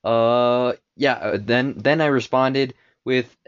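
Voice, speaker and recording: Male podcast host, casual rambling talk, smooth low voice, dull lo-fi sound. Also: fairly even intonation, takes it slowly. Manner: rambling, with frequent fillers and restarts. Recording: dull lo-fi home recording.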